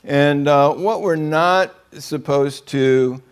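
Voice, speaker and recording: A man's voice: fairly high pitch, takes it slowly, clean tone. A man preaching a conversational sermon, joking with the room and acting out quotes in other voices. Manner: joking, chatty, acts out quotes.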